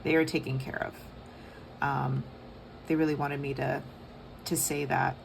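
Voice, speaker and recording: A young woman giving a casual tarot reading, soft and rambling with many fillers. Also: extremely low pitch, flat delivery, measured pace, vocal fry, slight background noise. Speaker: tarot reader.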